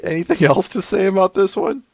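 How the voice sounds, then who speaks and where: A man's voice: sits high, lively intonation, fairly quick, vocal fry, no echo. Chatty male podcast host. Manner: chatty, laughs often. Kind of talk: casual chat.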